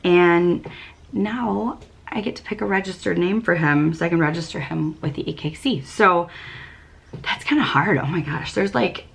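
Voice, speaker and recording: A young woman hosts a knitting podcast in a relaxed, chatty way. Her voice sits low, and she fills her talk with ums, restarts and small laughs. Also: normal speed, creaky. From United States. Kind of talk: casual chat.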